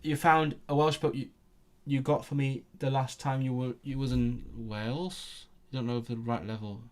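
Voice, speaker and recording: A young man streaming casually, reading aloud and thinking out loud, often stumbling and restarting his sentences. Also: medium pitch, fairly even intonation, moderate pace. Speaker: language-learning streamer.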